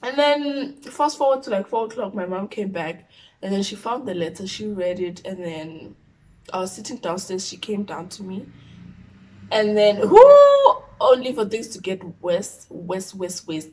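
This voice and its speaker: A young woman in her twenties with a South African accent, telling a personal story on her vlog in an expressive, animated way. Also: mid-range voice, normal speed. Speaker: YouTuber.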